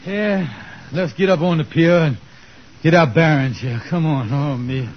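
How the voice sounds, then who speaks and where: An actor playing a scheming, blustery grown man in a 1940s radio comedy, bossy and quick to plan, with a husky voice. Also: a little high. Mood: cheerful. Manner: bossy, fast-planning, chuckling. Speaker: comic lead in a radio sitcom. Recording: muffled old radio broadcast.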